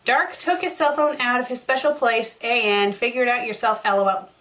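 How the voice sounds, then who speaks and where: Woman, sharp bright voice, fairly high, sarcastic fanfic reading, exasperated ranting. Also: moderate pace. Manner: exasperated, mocking rants. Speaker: fanfiction critic host. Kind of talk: sarcastic dramatic reading with commentary.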